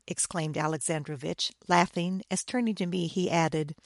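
A woman reading a first-person war story aloud, in a measured, grave storytelling manner. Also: low voice, dry recording, studio quality. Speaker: audiobook narrator.

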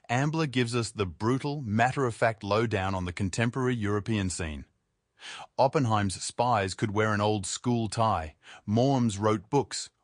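A man reading a literary essay aloud in a measured, wry way. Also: lowish voice, no echo, studio quality. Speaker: essay reader.

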